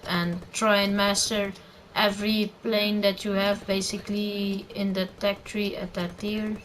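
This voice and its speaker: Slow-talking teen girl giving game tips. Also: medium pitch, level tone, a bit bright, a little hiss or hum, low-quality recording. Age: teen, under eighteen. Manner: rambling, many fillers and self-corrections. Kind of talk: casual gameplay commentary.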